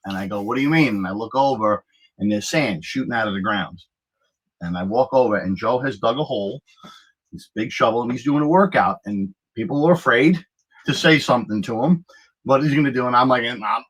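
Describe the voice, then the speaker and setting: A middle-aged man chatting as a guest, an animated storyteller who acts out the quoted lines. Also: mid-range voice, brisk, slightly rough, poor audio. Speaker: guest, lifeguard. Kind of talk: casual conversational storytelling.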